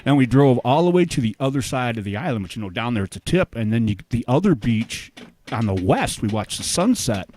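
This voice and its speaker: A man's voice: medium pitch, very animated, a little fast, a little mellow, no room sound. A man telling a travel story in a casual, rambling way, full of "like" and restarts.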